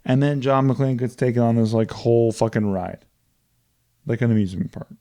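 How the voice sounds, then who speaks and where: A man in a loose, casual chat, swearing freely as he recaps movie plots with lively energy. His voice sits at an ordinary middle pitch with a mellow, dark tone. The sound is dry and close. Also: a little fast, no echo. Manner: profane, animated retelling of movie plots. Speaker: podcast co-host.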